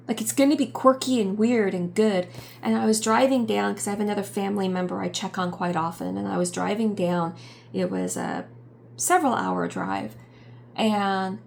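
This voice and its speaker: A middle-aged woman giving a personal vlog update, talking in a halting, reflective way with many pauses and fillers. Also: medium pitch, gravelly, slight background noise. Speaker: YouTube channel host.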